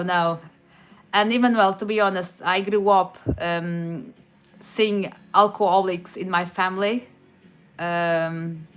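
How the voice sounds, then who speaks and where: A woman from Madeira with a Portuguese accent, chatting casually on a stream and answering viewers' questions, with frequent restarts. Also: lowish voice. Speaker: livestream host answering chat. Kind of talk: casual chat.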